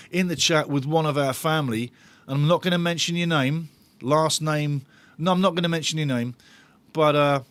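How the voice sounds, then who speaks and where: A man's voice: a little high, no echo. Chatty man, sarcastic banter. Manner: chatty, sarcastic banter, greets viewers from the chat. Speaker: host of a football fan watch-along channel. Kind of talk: live football watch-along chat.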